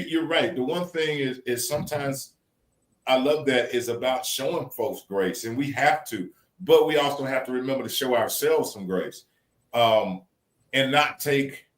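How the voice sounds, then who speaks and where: A man's voice: medium pitch, measured pace. Guy w/ musing on stuff, kinda preachy, echoey room. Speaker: podcast co-host. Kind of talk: casual chat.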